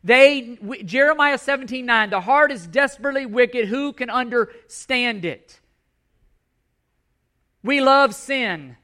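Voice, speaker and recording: A man's voice: very high voice, expressive, a little slow, pushed and bright. A male pastor preaching a sermon, impassioned and emphatic, repeating his key points.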